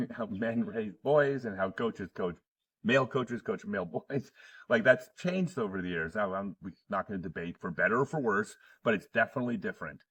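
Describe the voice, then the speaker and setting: A man's voice: lowish voice, lively intonation, moderate pace, a bit bright, breathy edge, distant mic. A middle-aged man hosting a casual conversation, telling stories and laughing often. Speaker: podcast host.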